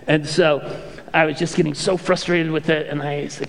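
A male pastor preaching a sermon with animated storytelling and playful impressions. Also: on the high side, moderate pace, creaky, long reverb tail.

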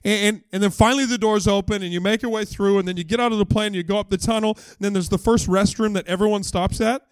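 His high voice moves fast and smoothly, with no room sound in the recording. The pastor keeps the sermon casual and funny, animatedly voicing the characters in the stories he tells.

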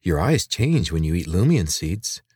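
Reading a story aloud, a man puts on a sharp-tongued teenage girl who is blunt, sarcastic and easily offended, her voice pitched above his and swinging lively up and down. The delivery is heavily acted with a breathy edge, and the sound is dry and close. She comes across as sarcastic and probing.

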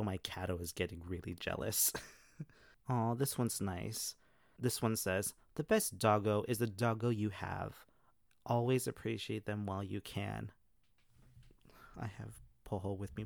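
A man's voice: lowish voice, vocal fry, dry recording, studio quality. A man hosting a podcast, casually reading online comments aloud and reacting with frequent laughter. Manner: chatty, laughs often between comments. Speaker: podcast host.

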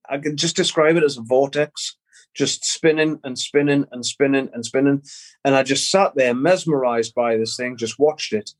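In an interview, a middle-aged guest musician tells a personal story haltingly, repeating words and swearing casually. His voice sits on the high side.

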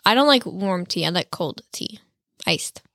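A woman co-hosting a casual podcast chat, softly spoken and heavy on filler words. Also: lowish voice, lively intonation, a little slow, dry recording, clean studio sound. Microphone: studio mic with headphones.

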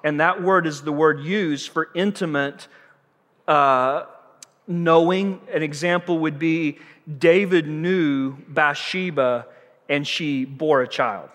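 A man's voice: on the high side, slow pace, a bit bright, long reverb tail. A man preaching a sermon as pastor, emphatic and conversational, repeating words for stress and mixing in light humor.

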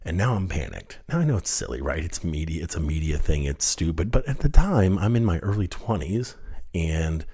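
A man hosting a podcast, telling a personal story in a lively way and laughing at himself now and then. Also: low voice, moderate pace, husky. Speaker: podcast host. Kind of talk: storytelling monologue.

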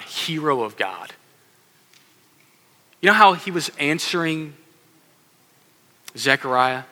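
Bright-voiced preacher in a reverberant hall. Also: male voice, mid-range voice. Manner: animated, acts out quoted voices, addresses kids in audience. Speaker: pastor. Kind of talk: sermon. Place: church sanctuary.

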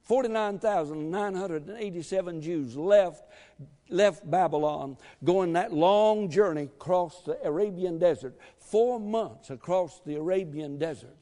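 A man preaching a sermon to his church, emphatic, calling for amens and shouting at the peaks. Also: high voice, a little slow. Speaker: pastor. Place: church sanctuary. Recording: long reverb of a church hall.

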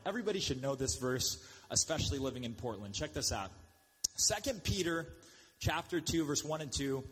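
Husky guy preaching, voice jumps all over, jokey, long hall echo. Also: medium pitch. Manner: animated, joking, shifts into mocking voices. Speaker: pastor. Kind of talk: sermon.

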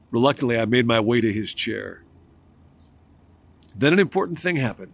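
A man preaching a sermon as a pastor, telling stories in a reflective way and slowing to stress key words. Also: medium pitch, dry recording.

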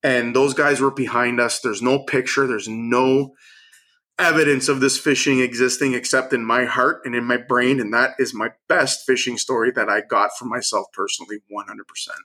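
A middle-aged man, a chef and angler, telling a story with energy and acting out what people said in lively bursts. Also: mid-range voice, normal speed. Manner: acts out quotes in lively bursts. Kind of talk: animated storytelling.

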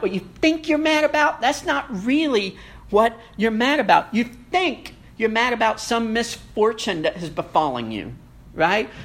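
A pastor preaching a sermon, repeating phrases for emphasis and moving between raised, urgent lines and hushed, quiet ones. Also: medium pitch.

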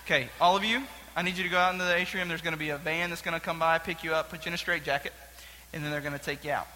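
A young man teaching a Bible story to a group in a casual, joking, animated way. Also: fairly high pitch, very fast, a little hiss or hum. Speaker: youth pastor. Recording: long hall reverb.

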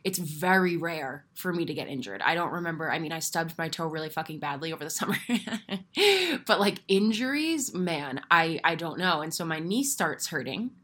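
A young adult woman hosting a podcast, telling a personal story in a candid, animated way with casual swearing. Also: deep voice, normal speed. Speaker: podcast host. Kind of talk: casual solo podcast monologue.

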